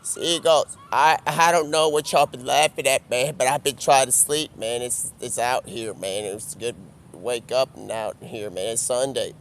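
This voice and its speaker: A man's voice: mid-range voice, fairly even intonation, normal speed, a little hiss or hum. A man doing an improvised comedy skit outdoors, rambling and drawling, filling nearly every sentence with "man" and "bro". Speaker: comedic vlogger.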